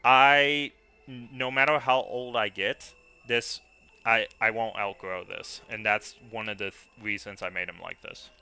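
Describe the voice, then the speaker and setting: A man's voice: lowish voice, fairly even intonation, a little slow, sharp tone, slight background noise. A man streaming a video game, chatting casually and hesitating often with fillers and restarts.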